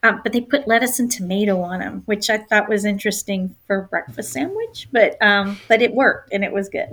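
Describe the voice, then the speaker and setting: Woman travel agent guest: easygoing chatter, mid pitch, lots of ums while hunting for words. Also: fairly quick, fairly bright tone. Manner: chatty, many filler ums, searching for words. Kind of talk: casual chat.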